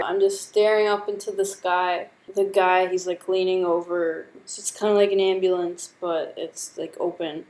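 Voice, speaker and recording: A woman's voice: fairly low pitch, a little mellow, low-quality recording. Young woman with a sore throat, chatty. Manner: chatty and dramatic, heavy use of "like". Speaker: vlogger. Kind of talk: casual storytelling to camera.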